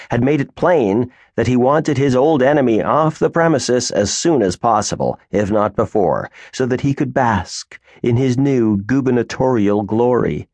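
A man narrating a science fiction audiobook in an expressive storytelling manner. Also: mid-range voice, dry recording. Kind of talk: scripted narration.

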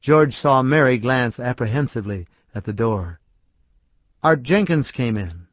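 A man reading a short story aloud as an audiobook narrator, in an even, measured way. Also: medium pitch, no echo. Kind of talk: scripted narration. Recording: dry, slightly dull studio audio.

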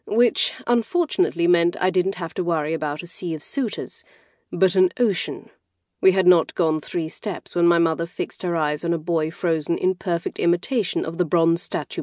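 Low-voiced woman narrating an audiobook. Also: darkish tone, no echo, studio quality. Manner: wry, measured storytelling. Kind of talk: scripted first-person narration. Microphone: close studio mic.

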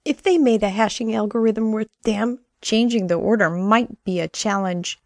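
A woman's voice: medium pitch, normal speed, a little mellow, no room sound, studio quality, pitched above the performer's own voice, natural voice. A woman voicing a perky young woman hacker friend with a bubbly, breezy manner in an audiobook. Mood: smug.

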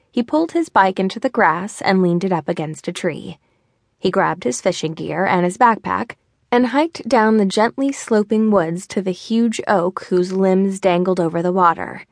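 A woman narrating a mystery novel with an even storytelling delivery. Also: medium pitch, no room sound, clean studio sound. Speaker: audiobook narrator. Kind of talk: scripted narration.

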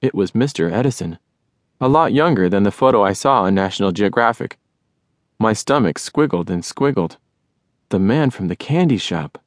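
Low-voiced man narrating a children's book. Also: normal speed, no room sound, clean studio sound. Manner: lively first-person storytelling. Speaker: audiobook narrator.

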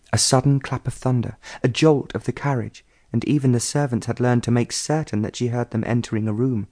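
A man giving measured scripted audiobook narration. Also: medium pitch, dark tone.

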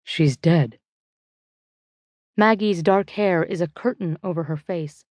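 A woman narrating a young adult thriller audiobook in first person, measured and tense, on a close studio mic. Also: on the low side, darkish tone, no room sound.

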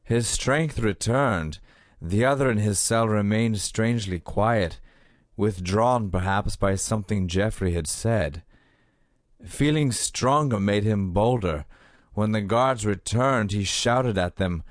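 A man narrating an audiobook in a measured storytelling manner. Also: lowish voice, dry recording, clean studio sound. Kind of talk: scripted narration.

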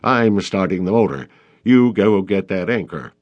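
A man doing a gruff, barking boat captain. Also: sits low, lively intonation, moderate pace, lo-fi sound. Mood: bossy. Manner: barking, bossy. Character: gruff, irritable middle-aged boat captain.

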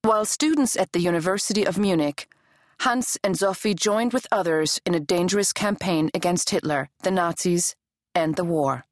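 A woman reading a history audiobook in a measured, even scripted narration. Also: lowish voice, no room sound, clean studio sound.

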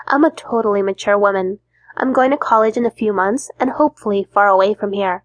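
A woman's voice: mid-range voice, a little fast, no echo. A woman reading a first-person audiobook in a petulant, sulky young-adult tone. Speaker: audiobook narrator.

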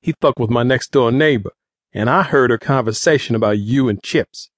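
A man voicing a cocky, scheming teenage street boy who talks quick and pushy. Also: medium pitch, no echo, clean studio sound, lightly acted. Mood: urgent.

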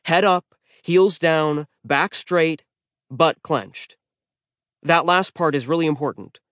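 A man's voice: on the high side, slow, a bit bright, no room sound, studio quality, pitched above the performer's own voice. Narrator playing a chill teen boy coaching, voice raised a bit. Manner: coaching, encouraging, easygoing. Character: patient laid-back teen demigod, male. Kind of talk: audiobook character voice.

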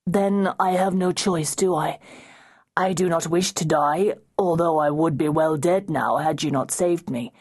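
A woman's voice: sits low, a little slow, darkish tone, breathy edge. A woman narrating an audiobook, voicing a shipwrecked male sea captain who asks earnest, searching questions. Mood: questioning.

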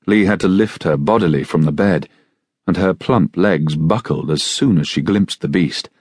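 A man narrating an audiobook in a measured, steady storytelling manner. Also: sits low, slightly rough, no room sound, studio quality. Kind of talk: scripted narration.

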